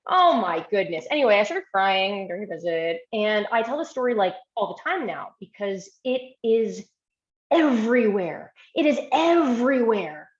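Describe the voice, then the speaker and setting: A woman's voice: mid-range voice, very animated, normal speed, roomy sound, highs cut off. A woman physician giving a storytelling presentation, talking earnestly and with emotion over a video call.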